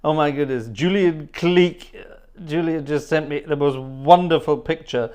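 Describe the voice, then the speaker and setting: A man's voice: on the high side, unhurried, a little mellow, smooth. A man hosting a casual livestream, chatty and rambling, laughing often and thanking viewers by name. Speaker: livestream host and organist. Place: home studio.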